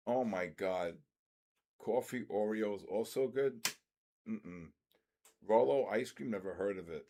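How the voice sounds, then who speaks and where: An older man hosting a livestream, chatting casually with viewers and reacting with animated, jokingly outraged exclamations. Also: on the low side. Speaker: livestream trading host. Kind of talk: casual chat reading viewer comments.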